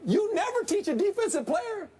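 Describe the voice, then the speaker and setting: Man, former coach, high swooping voice, folksy, animated, faint hiss. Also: normal speed. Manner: animated, folksy, repeats points. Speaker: former football coach, analyst. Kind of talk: sports debate commentary.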